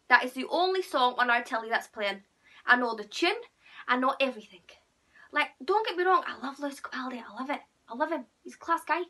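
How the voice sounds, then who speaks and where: A young woman chatting casually to camera as a vlogger, playful and a little croaky, sometimes dropping to a near whisper. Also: high voice, pushed and bright. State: slightly croaky.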